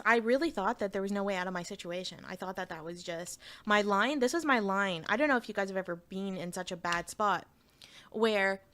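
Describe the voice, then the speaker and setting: A woman from Canada, streaming as a VTuber, speaks in a medium-pitched, slightly bright voice. She reads her chat aloud, answers it frankly, and swears freely during the casual stream.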